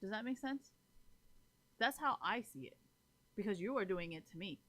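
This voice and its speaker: Chatting casually with her stream audience, this live streamer rants, curses without restraint, and keeps asking if everyone gets it. She has a medium-pitched, expressive voice with some brightness and speaks at a moderate pace.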